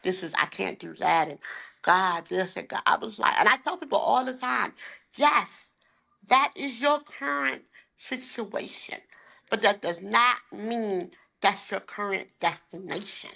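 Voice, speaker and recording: A woman in her forties, a life coach, speaks with a bright, tense tone and a gravelly fry at the edges. She talks with emphatic, heartfelt conviction about her faith. Now and then she seems close to tears. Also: mid-range voice, animated, a little slow. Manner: emphatic and heartfelt, sometimes holding back tears. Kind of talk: candid faith-filled interview talk.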